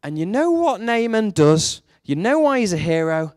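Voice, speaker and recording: Lively preacher, dry close sound. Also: male voice, sits high, normal speed, hardly any pauses, no room sound. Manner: storytelling, animated, rises sharply for emphasis; rhetorical questions to the congregation. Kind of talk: sermon.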